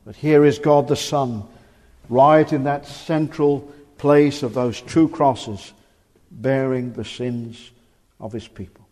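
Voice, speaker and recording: A man in his forties preaching a fervent sermon in a church, swinging from emphatic declarations to hushed, grave warnings. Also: mid-range voice, steady tone, slow pace. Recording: reverberant church hall.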